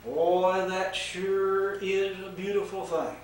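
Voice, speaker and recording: An older man voicing a sly, smooth-talking male serpent-devil who drawls casually and then turns hushed and earnest, in an echoey room with the mic set far off. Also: sits high, level tone, slow pace, slight background noise.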